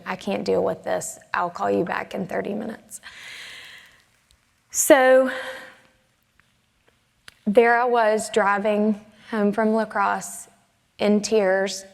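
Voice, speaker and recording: A middle-aged woman from the American South telling a personal story from a conference stage, earnest and measured. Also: mid-range voice, vocal fry, big-room sound. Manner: earnest, measured, emotional retelling. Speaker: conference speaker. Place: conference stage in a large hall.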